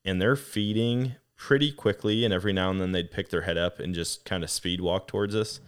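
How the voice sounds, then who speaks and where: A man with a very deep voice hosts a relaxed podcast conversation. He tells stories with animation, laughing and acting out the lines of the people in them. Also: brisk, clear, resonant tone. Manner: animated, laughing storyteller who acts out quotes. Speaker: podcast host. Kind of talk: casual storytelling chat.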